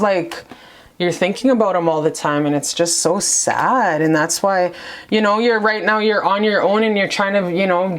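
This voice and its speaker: Gushing woman giving a tarot reading. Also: fairly low pitch. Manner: gushing, rambling and affectionate, calling the viewer baby. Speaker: tarot reader. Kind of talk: casual tarot reading to camera. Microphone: camera mic.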